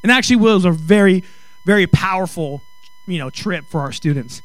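A middle-aged male pastor preaching a sermon with comic storytelling, animated and acting out dialogue. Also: high voice, normal speed, dry recording, poor audio. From Mexican heritage. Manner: animated, acts out quoted dialogue, rising to exclaim.

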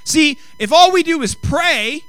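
A man preaching a sermon, emphatic, rising to loud, drawn-out phrases on key lines. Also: very high-pitched, animated, dry recording.

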